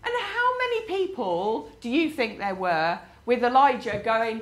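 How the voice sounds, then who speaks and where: A woman's voice: high voice, big pitch swings, measured pace. A woman preaching a sermon, telling a personal story with rhetorical questions to her congregation. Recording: roomy hall with faint ambience.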